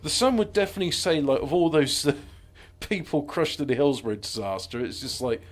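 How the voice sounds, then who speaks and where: Fairly high-pitched and lively in intonation, a man talks a little fast while streaming a game. His casual commentary drifts between sardonic jokes and quiet self-muttering about his next moves.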